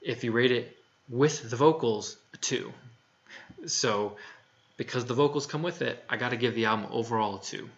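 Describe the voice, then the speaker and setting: A man's voice: mid-range voice, normal speed, highs cut off. A man talking casually through a music review in a frank, plainspoken way, with lots of fillers and restarts. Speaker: album reviewer.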